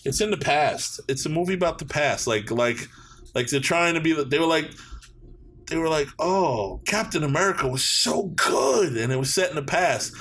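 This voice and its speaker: A man's voice: fairly high pitch, lively intonation, normal speed, fairly bright tone, a little hiss or hum. A man from Canada hosting a podcast, swearing freely and rambling through his opinions in casual chat. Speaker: podcast host.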